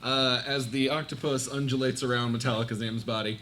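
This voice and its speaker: A man's voice: medium pitch, steady tone, fairly quick, few pauses. A man playing a tabletop game live, giggly and apologetic as he rambles through his turns. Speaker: player. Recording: live event with faint room noise.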